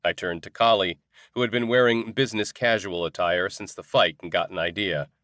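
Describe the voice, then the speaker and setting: A man narrating a first-person audiobook in an expressive, conversational way. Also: deep voice, fairly quick, dry recording, clean studio sound.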